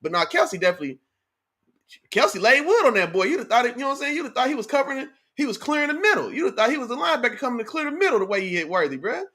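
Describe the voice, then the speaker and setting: A man's voice: very high-pitched, sing-song, very fast, sharp tone. A young man hosting a casual sports livestream, hyped and slangy, calling out his chat viewers. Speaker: sports talk livestream host.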